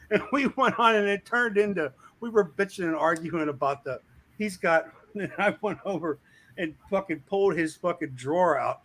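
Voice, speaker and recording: Brief: animated man spinning a foul-mouthed shop-floor yarn, slightly high voice. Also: moderate pace, slight background noise. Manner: animated, acts out shouting coworkers. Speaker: streamer telling a work story. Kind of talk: casual storytelling with profanity.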